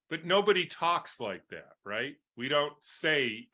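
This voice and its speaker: A man speaks slowly in a bright, forceful voice. He answers interview questions as a doctor and makes his points with everyday comparisons. He keeps checking with his listener. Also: a little high, sing-song. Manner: explains with homely analogies, keeps asking "right?". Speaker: guest doctor.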